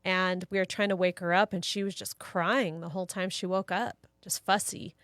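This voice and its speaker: A woman's voice: fairly low pitch, steady tone, normal speed, dry recording, studio quality. A woman co-hosting a live show, chatting casually, telling family stories and reading viewer comments aloud. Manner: warm storyteller, reads viewer comments aloud. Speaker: co-host. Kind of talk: casual chat.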